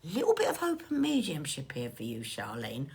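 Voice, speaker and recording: A woman's voice: low-pitched, huge pitch swings, normal speed. A woman working as a psychic medium, giving a chatty, affectionate card reading on a phone livestream and calling her viewers darling. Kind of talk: live-stream card reading.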